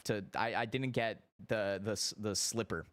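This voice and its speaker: A young man streaming, telling a story casually, animated and profane, his voice shooting up when excited and sinking low when he reflects. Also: moderate pace, clean tone, no echo. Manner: animated, swearing, jumps high in pitch when excited.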